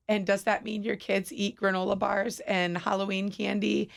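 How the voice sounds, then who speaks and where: A woman's voice: medium pitch, flat delivery, moderate pace, vocal fry. A woman guest on a radio show, chatting candidly and laughing at herself. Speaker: radio guest from a city mission. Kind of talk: casual radio chat. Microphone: studio microphone.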